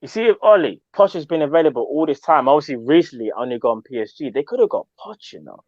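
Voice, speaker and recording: A man co-hosting a live football fan chat, excitable and full of slang banter. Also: a little high, fast talker, dry recording, highs cut off. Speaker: fan channel co-host.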